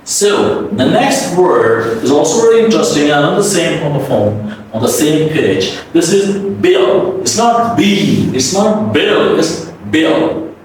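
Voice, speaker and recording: Man teaching pronunciation, repeats each word again and again, slow, sounds far off in an echoey room. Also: a little high, a little hiss or hum. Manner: drills words by repeating them, animated and coaxing. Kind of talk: English pronunciation lesson.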